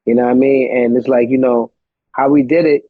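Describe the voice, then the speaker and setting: A man's voice: mid-range voice, flat delivery, fairly quick, no room sound, narrow, tinny audio. A man from Brooklyn, a guest rapper talking casually in an interview, laid-back and profane, leaning on "you know what I mean". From Brooklyn, New York.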